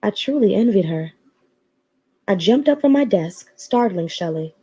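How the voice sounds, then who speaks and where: A woman reading a novel aloud in expressive storytelling, now and then adding her own asides. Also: mid-range voice, unhurried, slightly rough, highs cut off. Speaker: story reader.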